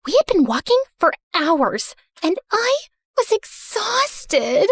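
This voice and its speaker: Brief: woman playing a spoiled, sarcastic heiress narrating her own story; very high, swooping delivery, close and dry. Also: very animated, slow pace, no echo, full character voice. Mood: sassy. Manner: theatrical, sarcastic, self-centered. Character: spoiled, dramatic rich young woman. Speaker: first-person narrator. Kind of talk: animated story narration in character.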